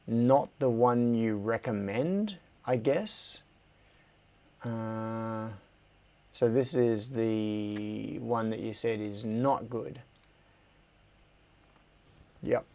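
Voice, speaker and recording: A man's voice: on the low side, extremely slow, pauses often. An Australian man hosting a casual livestream from his home workshop, chatting loosely, reading out viewer comments and laughing often. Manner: relaxed, chatty, laughs often, drifts mid-sentence. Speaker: livestream host.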